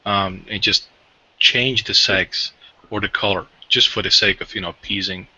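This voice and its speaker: A man with a low but very bright, forceful voice jokes around and laughs easily in a casual group discussion. The recording is dull and lo-fi. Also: fairly even intonation, a little hiss or hum. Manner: jokey, quick to laugh. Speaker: panelist.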